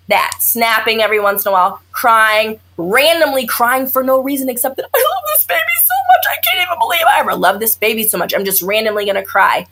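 A woman's voice: a little high, moderate pace. A woman OB-GYN talking candidly in an interview, blunt and sarcastic, often acting out what patients say. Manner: blunt, animated, sarcastic, acts out quotes. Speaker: OBGYN doctor, guest.

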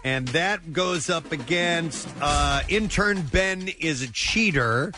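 A man's voice: a little high, slow, pushed and bright. A man hosting a morning radio show, chatting casually and telling stories with joking asides. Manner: loose storytelling with joking asides.

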